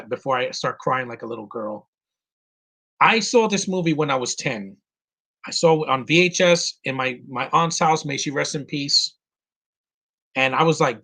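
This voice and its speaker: Male streamer, 30s, choked up and near tears, earnest halting delivery, average pitch. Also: bright, forceful tone. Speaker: live stream host. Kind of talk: emotional live commentary.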